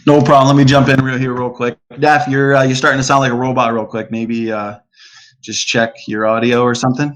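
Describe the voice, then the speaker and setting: A man moderating an online debate in a loose, joking way. He fills his pauses with ums and uhs while he steers the talk and checks the time. His pitch sits in an ordinary middle range. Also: flat delivery. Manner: laid-back, joking, filler-heavy. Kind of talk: casual moderating. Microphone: video call audio.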